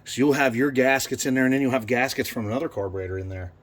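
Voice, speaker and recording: A man's voice: medium pitch, fast. Cussing man rebuilding a carburetor. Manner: profane, rambling, thinks aloud. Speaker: garage owner rebuilding a carburetor. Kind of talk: casual workshop how-to. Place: home garage workshop.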